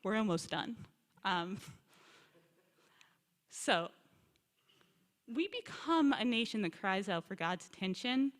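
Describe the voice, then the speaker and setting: A woman giving a lively, conversational Bible teaching talk as a visiting scholar, acting out quoted complaints along the way. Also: medium pitch, takes it slowly, pauses often. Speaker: scholar in residence lecturer. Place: congregation sanctuary or hall. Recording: long reverb of a large hall.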